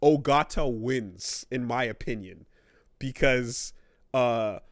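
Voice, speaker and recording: Speaking slowly in a mid-range voice, this gaming podcast co-host chats casually and at length, cursing liberally and voicing characters' lines. The recording is dry and studio quality.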